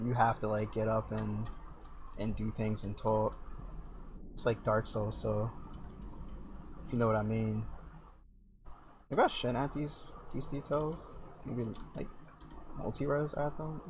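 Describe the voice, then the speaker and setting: A young man streaming casually while sculpting, teasing his chat with lots of fillers and jokes. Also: mid-range voice. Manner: joking, teasing, chatty with many fillers. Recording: faint background noise.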